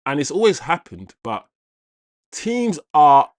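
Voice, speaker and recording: A man hosting a live football watchalong, reacting to the play and shouting out viewers. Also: fairly high pitch, sing-song, slow, no echo, clean studio sound. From Jamaican heritage. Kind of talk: live match commentary and chat.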